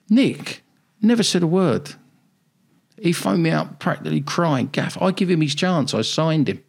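A man's voice: a little high, big pitch swings, moderate pace, gravelly, long pauses. An older man with a South London accent, telling his story bluntly and animatedly in a podcast interview. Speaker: football manager guest.

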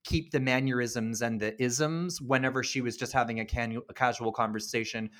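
A man's voice: mid-range voice, steady tone, moderate pace, fairly bright tone. A man co-hosting a casual podcast, chatting and laughing often, with frequent restarts. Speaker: podcast co-host. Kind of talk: casual film discussion.

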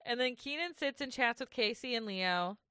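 Bright, high-voiced woman recapping TV. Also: expressive, moderate pace, clear, resonant tone, dry recording, studio quality. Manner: swears freely, exasperated and laughing. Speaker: podcast co-host. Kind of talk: casual reality-show recap.

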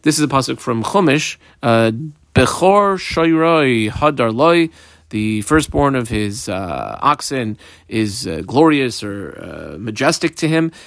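A man's voice: mid-range voice, sing-song, a little slow, vocal fry, fairly bright tone, no room sound, clean studio sound. A man teaching a Talmud page step by step, reading Hebrew and Aramaic phrases aloud in Ashkenazi pronunciation and translating each as he goes. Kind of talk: daf yomi Talmud lesson.

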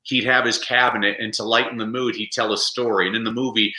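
A man, the guest on a podcast interview, telling lively anecdotes and acting out the quotes. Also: mid-range voice, fast, echoey room, low-quality recording. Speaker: guest, reading advocate. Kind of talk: animated storytelling in a podcast interview.

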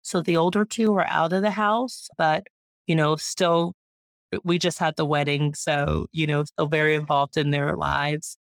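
A woman in her thirties, a guest, chatting proudly and warmly about her homestead and her family. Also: low voice, steady tone, unhurried, no room sound, studio quality. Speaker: guest, urban homesteader and mom. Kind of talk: casual interview chat.

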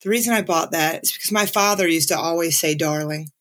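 A woman's voice: on the low side, quick pace, a bit bright. A middle-aged woman from the American South with a Southern accent, hosting a reflective podcast and laughing easily as she talks. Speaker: podcast host and life coach.

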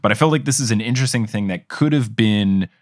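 A man hosting a podcast who speaks in a measured, thoughtful and self-deprecating way. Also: fairly low pitch, no echo, clean studio sound. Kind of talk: casual podcast discussion.

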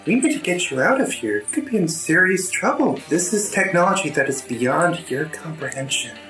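A man playing in a tabletop role-playing game, speaking to another character in a deliberate way. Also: on the high side, very animated, fairly bright tone, roomy sound, faint music behind, rough recording. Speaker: player.

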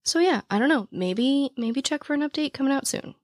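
A young woman hosting a podcast in casual chat, with a naturally raspy voice, talking very fast and out of breath. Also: sits high, animated, no echo, studio quality. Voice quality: naturally raspy voice with vocal fry. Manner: talks very fast, breathless and rambling. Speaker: true crime podcast host. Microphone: podcast mic, standing while recording.

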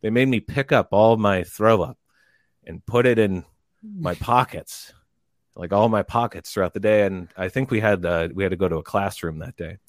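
A man telling a long story in casual chat, rambling and animated, and bursting into loud quoted lines. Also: on the low side, moderate pace, no room sound, clean studio sound. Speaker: podcast guest telling a story.

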